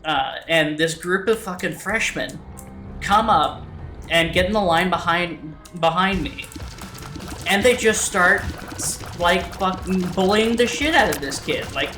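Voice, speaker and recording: A man's voice: a little high, a little slow. Rambling, profane young man in a roomy space. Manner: rambling, profane, frequent restarts and fillers. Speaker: let's play host. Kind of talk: casual storytelling over gameplay. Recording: roomy sound with game music behind. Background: game music.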